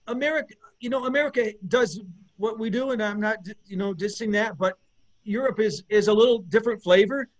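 A man, a bass player, chatting as an interview guest in a rambling, enthusiastic way with many fillers and restarts. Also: fairly quick, dull audio. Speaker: guest musician, bassist. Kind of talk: casual interview chat.

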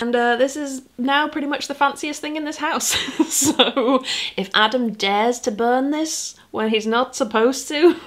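A woman's voice: mid-range voice, fairly bright tone. Woman in her thirties; bubbly, chatty vlogger walking viewers through her gifts. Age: 30s. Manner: chatty and enthusiastic, with frequent little laughs and "like" fillers. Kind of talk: casual gift haul chat.

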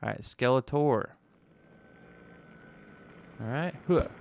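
A man's voice: medium pitch, slow, creaky, slight background noise. A young man hosting a gaming channel, talking casually to himself as he plays and tossing in jokey asides. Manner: chatty, self-talking, joking asides. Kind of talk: casual gameplay commentary.

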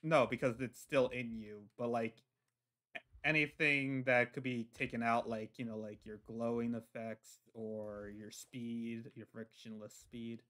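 A man roleplaying lore in casual chat, halting with many fillers and restarts. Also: mid-range voice, level tone, fairly bright tone. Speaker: lore roleplayer playing a god figure.

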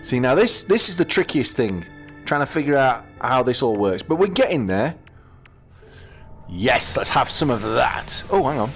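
A British man casually commenting as he plays a VR game, chatting to himself with quick exclamations. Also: medium pitch, very animated, vocal fry, fairly bright tone, soft background music. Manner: chatty, talks to himself while playing, exclamations. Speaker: gaming channel host.

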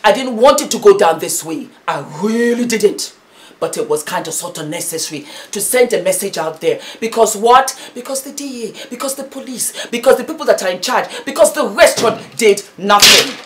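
A British woman in middle age delivers fervent commentary straight to her audience. She hammers points home with repetition and a preachy edge, her voice sitting in an ordinary middle pitch. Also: a bit bright. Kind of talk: impassioned commentary.

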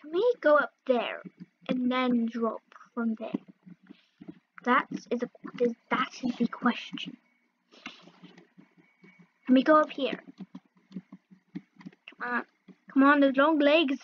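A woman's voice: sits high, slow pace, pauses often, muffled recording, slight background noise. A woman casually commenting as she plays a video game, playfully yelping and groaning at each fall. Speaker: gaming video host. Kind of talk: casual let's-play commentary.

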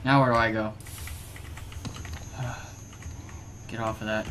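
A young man around twenty recording let's play commentary on a headset, excitable and given to loud, swearing outbursts of frustration. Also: fairly low pitch, slow, noisy background. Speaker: gaming video host. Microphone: gaming headset. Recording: music playing underneath. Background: background music.

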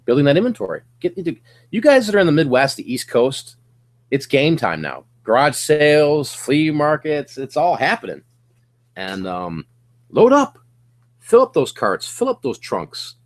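Hyped-up man giving reselling pep talk. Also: mid-range voice. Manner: energetic, hyped coaching with bursts of slang. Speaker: host of a reselling livestream. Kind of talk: casual livestream advice. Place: home office, seated.

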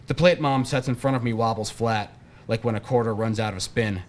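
A man, an author, reading his novel aloud at a bookshop in a steady, deadpan way. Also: mid-range voice, moderate pace.

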